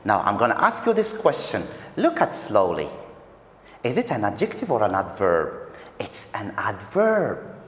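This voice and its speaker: A man's voice: fairly low pitch, wildly swooping pitch, unhurried, slight background noise. A male English teacher from Algeria giving a recorded video lesson, repeating key phrases and explaining step by step. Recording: echoey room with long reverb.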